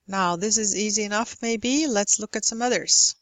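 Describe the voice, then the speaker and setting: A woman teaching English word stress in a recorded lecture, slowly and carefully modelling each example word. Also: medium pitch, fairly bright tone, dry recording. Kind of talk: recorded lecture over slides.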